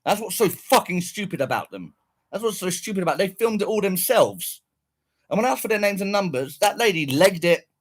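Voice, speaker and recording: A man's voice: high-pitched, expressive, brisk. A man angrily recounting a run-in with police, swearing constantly and repeating himself. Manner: swearing, bitter, repetitive. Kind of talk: angry personal rant.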